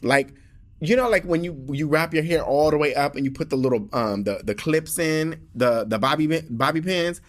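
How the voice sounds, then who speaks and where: A man's voice: fairly high pitch, moderate pace. A man hosting his own podcast, talking casually and rambling with lots of fillers and laughs. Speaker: podcast host.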